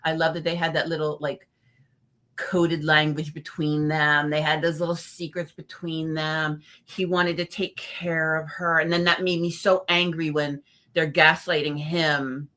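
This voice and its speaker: A woman reviewing horror films in a casual chat, expressive and animated, acting out her reactions. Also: low voice, unhurried. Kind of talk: casual film discussion.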